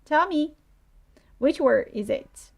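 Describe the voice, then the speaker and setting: Slow, gravelly Chinese-accented woman teacher. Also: sits high, expressive. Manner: slow, patient, repeats words for learners. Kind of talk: live online language lesson.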